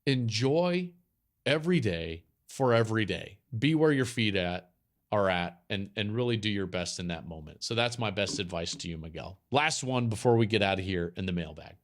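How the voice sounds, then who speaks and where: Guy hosting a football podcast, pitch jumps all over, gets emphatic n repeats himself. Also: moderate pace. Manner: animated, emphatic, repeats lines for effect. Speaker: podcast host. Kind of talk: casual chat.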